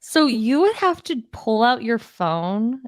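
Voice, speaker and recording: A young woman hosts a casual pop culture podcast with a playful, teasing manner. Her pitch swings widely as she talks. The sound is close and dry. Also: sing-song, no echo. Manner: playful, quick to laugh, teasing. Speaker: podcast host.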